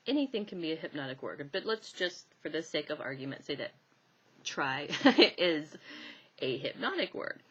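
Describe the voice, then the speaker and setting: Animated, low-pitched chatty woman teacher. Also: normal speed, slightly rough, highs cut off. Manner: chatty and animated, laughing often, many fillers. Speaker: hypnosis instructor. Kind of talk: casual teaching talk to camera.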